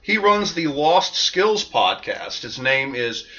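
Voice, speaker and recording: A man co-hosting a loose, rambling podcast, talking in a bright, forceful voice that sits a touch high for a man. He is from the American South but speaks with no regional accent. The sound is dull and lo-fi. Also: very animated, takes it slowly, a little hiss or hum. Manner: rambling, jokey, filler-heavy. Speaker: podcast co-host. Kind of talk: casual podcast chat.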